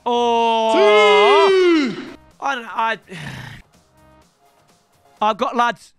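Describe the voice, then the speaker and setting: A young man rants and yells through his gameplay commentary in a high, bright voice. His pitch swings widely, though his overall pace stays unhurried. Faint game music runs underneath. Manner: excitable, shouts and rants at the game. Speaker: gaming YouTuber.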